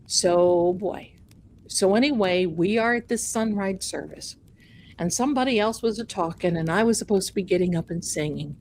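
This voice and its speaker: A woman's voice: medium pitch, moderate pace, darkish tone, a little hiss or hum. A woman hosting a live stream who tells a chatty, folksy, self-mocking story. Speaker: livestream host.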